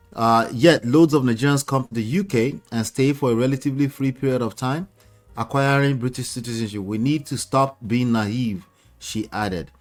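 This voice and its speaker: A man presenting a news report, reading quotes aloud and moving into chat with a co-host. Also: medium pitch. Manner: reads quotes aloud, laughs at his own attempt at a British accent.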